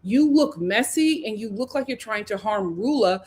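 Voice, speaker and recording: A woman's voice: on the high side, lively intonation, moderate pace, darkish tone. A woman hosting a casual reality TV recap, chatty and opinionated, often laughing and full of "like" and "you know". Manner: laughs often while talking. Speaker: host.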